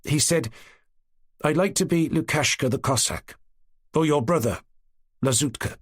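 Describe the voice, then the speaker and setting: A proud young Cossack girl, voiced by a man narrating, speaks quietly and firmly in a raised, husky tone. Her replies are serious and measured. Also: on the high side, dry recording, studio quality, voice pushed up.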